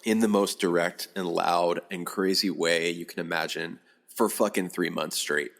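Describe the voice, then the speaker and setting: A middle-aged man, a podcast guest, telling a long rambling story in casual talk, animated and swearing often. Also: sits low, moderate pace, vocal fry.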